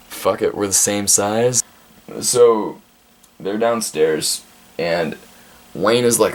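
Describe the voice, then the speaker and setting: A man's voice: on the low side, slow pace, pauses often, a little hiss or hum. A man in his twenties casually recapping a movie with profane, rambling humor and frequent laughs. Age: 20s. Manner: rambling, profane, laughs often, many restarts. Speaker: vlog host reviewing a movie.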